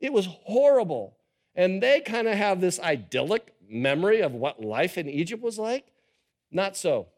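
A pastor preaching a sermon to a live congregation, animated and quizzing the audience. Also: male voice, high-pitched, moderate pace. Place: church service with a live audience.

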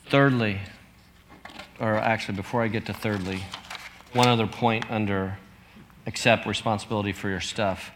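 A man's voice: on the low side, fairly even intonation, moderate pace, long pauses, a bit bright, slight background noise. A pastor in his fifties gives an earnest, conversational sermon, reading out scripture as he goes.

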